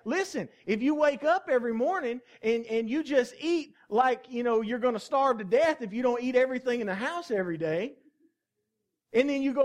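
Higher-voiced folksy man preaching. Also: expressive, moderate pace. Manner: folksy, jokey and conversational, asks the congregation questions. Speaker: pastor. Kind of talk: sermon.

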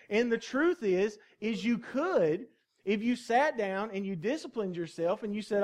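Folksy preacher guy, kinda high voice, jokes around and quizzes the crowd. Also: lively intonation, unhurried. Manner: folksy, jokey and conversational, asks the congregation questions. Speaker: pastor. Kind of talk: sermon.

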